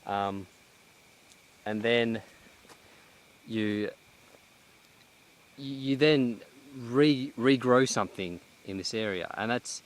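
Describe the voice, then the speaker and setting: A man vlogging outdoors in a cleared pine forest, talking in a reflective, halting way with many restarts, a little out of breath. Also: mid-range voice. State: slightly out of breath. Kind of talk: casual vlog monologue. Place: outdoors in a cut-down pine plantation.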